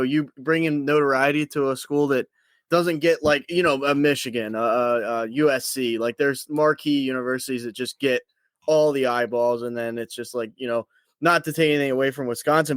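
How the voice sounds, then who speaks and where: A man's voice: medium pitch, fairly bright tone, no echo. A man talking as a guest on a casual sports podcast, hesitant and laid-back, with many restarts.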